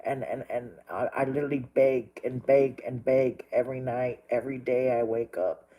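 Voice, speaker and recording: A man's voice: mid-range voice, steady tone, normal speed, warm tone, poor audio. A man talking straight to his viewers while crying, pleading and repeating himself, with plenty of swearing. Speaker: livestreamer. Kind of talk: emotional monologue to viewers.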